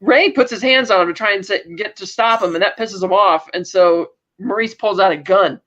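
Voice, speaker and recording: A woman co-hosting a podcast, retelling a TV episode in an animated, storytelling way. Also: mid-range voice, moderate pace, dull audio. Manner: animated storytelling, acts out lines with laughs. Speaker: podcast co-host. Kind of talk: casual chat recapping a TV episode.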